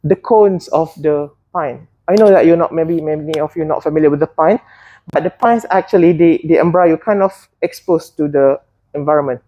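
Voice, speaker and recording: A woman's voice: low-pitched, normal speed, lo-fi sound. A woman teaching a botany class, often hesitating and putting questions to her students. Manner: hesitant, many fillers and restarts, asks students questions.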